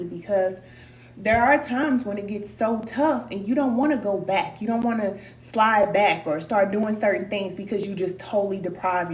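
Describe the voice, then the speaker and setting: A woman hosting a live stream as a spiritual teacher, talking casually and encouragingly to viewers, calling them cousin and repeating herself for emphasis. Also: medium pitch. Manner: loose colloquial speech. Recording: echoey room, distant mic, faint hum.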